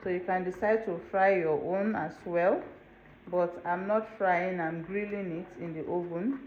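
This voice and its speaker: This woman hosts a cooking channel from her home kitchen, chattily explaining every step and checking in with the viewer. Her lowish voice has fairly even intonation and a measured pace, recorded as dull lo-fi home video with faint room noise.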